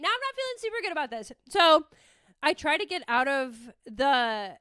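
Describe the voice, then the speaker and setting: A young woman from the Bay Area chats on her podcast in a high, bright voice. She tells her story in a rambling way, full of "like", and the sound is close and dry. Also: moderate pace, no echo. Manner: rambling, lots of "like", animated retelling. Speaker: podcast host. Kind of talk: casual storytelling chat.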